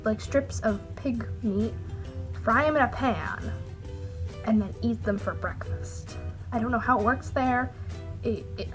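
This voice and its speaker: A woman vlogging to camera in a chatty, rambling, jokey way, sounding a little sick with a cold. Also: a little high. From Canada. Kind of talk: casual chat to camera.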